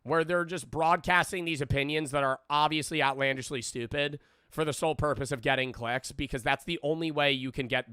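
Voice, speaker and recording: A man's voice: a little high, bright, forceful tone, smooth, no room sound, clean studio sound. A young man streaming casual reaction commentary, rambling and sarcastic, swearing constantly.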